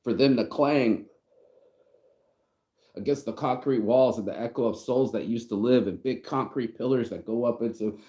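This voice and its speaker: A man's voice: mid-range voice, normal speed, warm tone. A man vlogging in a rambling, profane, heartfelt monologue, close to tears. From United States. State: tearing up. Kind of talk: casual reflective monologue.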